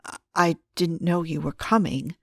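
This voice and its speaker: A woman reading the lines of a hoarse young husband who speaks slowly, softly and apologetically in an audiobook. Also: on the high side, steady tone, dry recording, clean studio sound. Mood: remorseful, tender.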